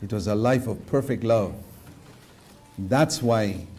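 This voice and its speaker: Male preacher, mellow and dark tone, earnest, quotes verses, challenges listeners with questions. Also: fairly low pitch, slow. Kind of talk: sermon.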